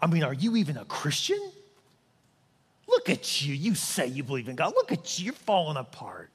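A preacher voicing a sly demon who whispers flattery and then taunts, in a large reverberant hall. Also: male voice, on the high side, normal speed, slightly rough, full character voice. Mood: taunting.

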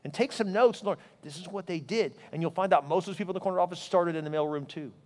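A man preaching a sermon as pastor, telling stories in an animated way. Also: fast talker, in a large hall. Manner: animated storytelling, voice rising high in anecdotes.

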